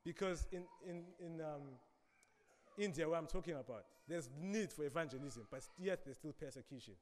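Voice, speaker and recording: A man preaching a sermon, dramatic, swinging between loud emphasis and quiet asides. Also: fairly high pitch, moderate pace, in a large hall.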